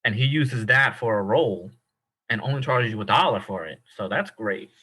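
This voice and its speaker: Irish-born guy co-hosting, bright and a bit husky, laughs easily, slangy. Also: on the low side, lively intonation, normal speed, rough recording. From Ireland. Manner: laughing, emphatic, casual slang. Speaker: podcast co-host. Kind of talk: casual chat.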